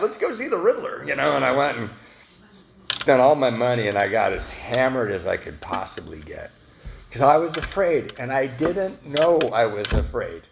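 A man sharing his recovery story at a meeting, self-mocking and laughing at his own past, swinging between loud bits and quiet confession. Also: mid-range voice, vocal fry, a little hiss or hum. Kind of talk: personal testimony at a recovery meeting.

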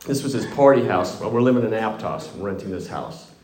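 A man's voice: lowish voice, lively intonation, a little fast, a little mellow, roomy sound. A middle-aged man telling a candid, self-mocking story of his own recovery, with wry humor. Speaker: recovery speaker.

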